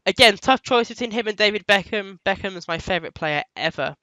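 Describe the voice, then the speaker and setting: A man co-hosts a casual football podcast, opinionated and animated in quick bursts. His voice is bright and smooth, a bit higher than most men. The sound is dry and close. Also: no echo, muffled recording. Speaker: podcast co-host.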